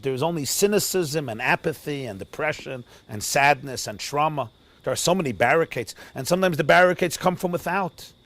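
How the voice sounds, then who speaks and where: A male rabbi giving a sermon as a story, dramatic, swinging from loud to hushed, with Yiddish and Hebrew words mixed in. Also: fairly high pitch, lively intonation, a little fast, no echo. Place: outdoors near a forest.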